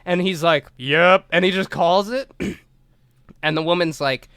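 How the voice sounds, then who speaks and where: Animated, clear-voiced male podcast storyteller. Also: a little high, moderate pace, no echo, studio quality. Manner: animated storyteller, acts out quotes, swears freely, laughs often. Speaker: podcast co-host. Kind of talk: casual storytelling chat.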